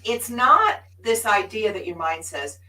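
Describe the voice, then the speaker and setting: A woman's voice: mid-range voice, very animated, measured pace, bright, forceful tone, distant mic, low-quality recording. A woman co-hosting a spiritual live show, sharing her journey in an earnest, emphatic way. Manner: earnest and emphatic, laughs often.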